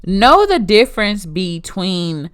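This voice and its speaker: A woman's voice: medium pitch, big pitch swings, takes it slowly, a bit bright, clean tone. A young adult woman, hosting a motivational solo podcast in a blunt, emphatic, conversational way. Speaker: podcast host.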